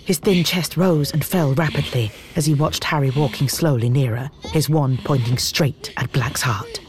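An audiobook narrator reading fantasy in a measured, dramatic storytelling manner. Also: medium pitch, darkish tone, a little hiss or hum. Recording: music bed under narration. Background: background music.

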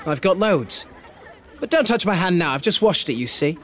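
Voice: medium pitch, sing-song, normal speed, fairly bright tone, a faint crowd. A narrator voicing a spoiled teenage boy bully in an audiobook reading, taunting and smug.

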